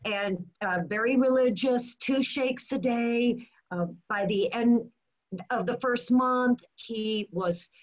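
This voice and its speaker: A woman's voice: on the high side, takes it slowly, muffled recording. A woman sharing a personal testimonial in a chatty way, with many fillers.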